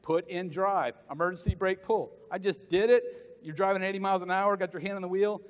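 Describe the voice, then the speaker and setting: A middle-aged man from the American South giving a motivational sales talk at a conference, animated and jokey, acting out voices for the people he quotes. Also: high-pitched, fairly quick. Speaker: keynote sales speaker. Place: large conference hall. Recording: long hall reverb.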